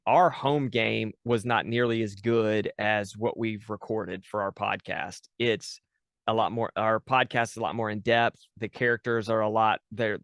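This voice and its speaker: A man with a fairly low yet slightly bright voice, clear and resonant, is heard on a dry, studio-quality recording. As a guest in a casual interview, this dungeon master talks about running his tabletop game podcast, full of fillers and restarts.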